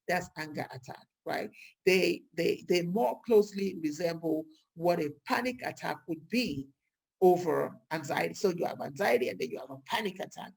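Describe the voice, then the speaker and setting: Brief: husky, gravelly woman vlogger, chatty and lively, full of rhetorical questions. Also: lowish voice, normal speed. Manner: lively, rhetorical questions, acts out quoted speech. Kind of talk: casual talk to camera.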